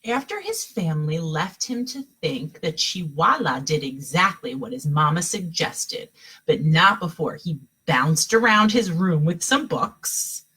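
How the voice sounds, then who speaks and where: A woman's voice: low-pitched, slightly rough, low-quality recording. A woman teacher at home, reading a picture book aloud to young children and stopping to explain the pictures. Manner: expressive storybook reading, pausing to explain to children. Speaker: kindergarten teacher.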